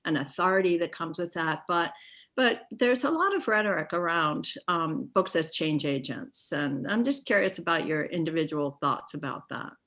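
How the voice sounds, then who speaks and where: A woman's voice: low voice, lively intonation, moderate pace, fairly bright tone. A woman moderating an art panel discussion, thinking aloud with many restarts and "you know"s.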